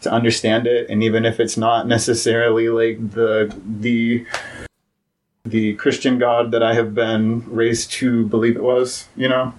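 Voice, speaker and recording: A man's voice: mid-range voice, completely flat delivery, measured pace, poor audio. A young man as a podcast guest, talking casually with many fillers and restarts.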